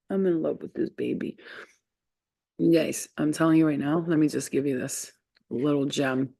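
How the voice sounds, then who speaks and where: Gravelly, mellow woman giving a chatty energy reading. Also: sits low, fairly even intonation, moderate pace, no room sound. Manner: chatty and affirming, full of "like" and "you know". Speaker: energy reader. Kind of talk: casual spiritual reading to viewers.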